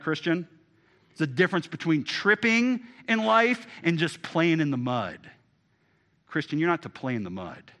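A man preaching a sermon, emphatic and asking his listeners direct questions, swinging from loud to hushed. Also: mid-range voice. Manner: asks the congregation direct questions. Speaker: pastor.

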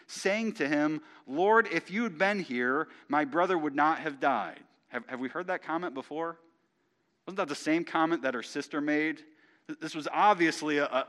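A man's voice: mid-range voice, a bit bright. Man preaching a sermon on scripture. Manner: reads scripture aloud and comments on it, rising with emphasis. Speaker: pastor.

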